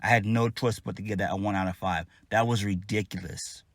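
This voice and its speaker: A man's voice: fairly low pitch, steady tone, brisk, no echo, clean studio sound. A man giving a casual solo wrestling review, blunt, exasperated and profane.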